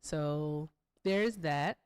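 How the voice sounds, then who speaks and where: A woman's voice: deep voice, very slow, smooth, no echo. A woman hosting a live stream in a casual, chatty way. She thanks donors, laughs often and swears freely. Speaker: livestream host.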